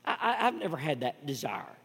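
A man preaching a sermon as pastor, emphatic and full of repetitions, swinging between loud declarations and hushed asides. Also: on the high side, big pitch swings, fairly quick, gravelly, slightly rough, long reverb tail.

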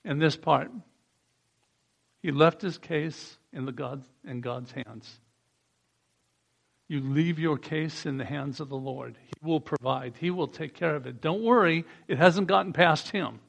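A man with a somewhat high, gravelly voice leads a sermon. He reads scripture aloud and has the congregation repeat lines back to him. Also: a little slow. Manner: reads passages aloud and leads call-and-response. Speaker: preacher.

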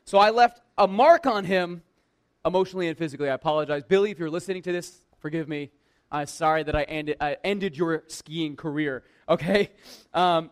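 High-voiced man telling a funny story. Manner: lively, conversational, heavy use of "like", self-mocking humor. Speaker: church worker telling a personal story. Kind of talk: casual personal storytelling.

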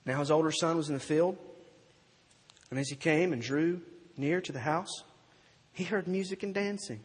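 Husky-voiced preacher in an echoing hall. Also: male voice, fairly high pitch. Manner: animated storytelling, slows for emphasis. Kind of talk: sermon.

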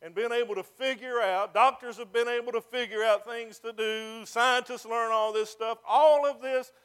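A man's voice: extremely high pitch, level tone, normal speed, bright, forceful tone, clear, resonant tone. A man preaching a sermon as pastor, building to emphatic calls and stretching out key phrases.

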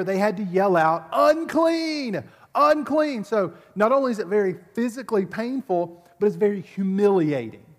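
A pastor preaching a sermon at a church service in a casual, conversational way, often repeating words as he builds a point. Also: high-pitched. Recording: long reverb of a large hall.

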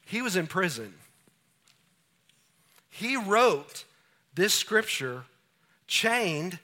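A man preaching with a bright, forward tone and a pitch sitting a little above typical. His delivery is animated, and he slips into small acted-out scenes to illustrate his points. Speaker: pastor. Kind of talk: sermon.

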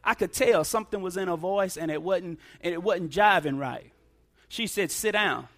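A man's voice: sits high, normal speed, fairly bright tone, soft background music. A middle-aged man preaching a sermon testimony, emphatic, using call-and-response.

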